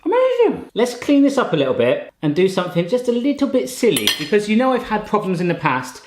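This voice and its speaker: A man, testing kitchen gadgets at home in casual chat and often bursting into excited exclamations. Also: high-pitched, fast, echoey room, slight background noise.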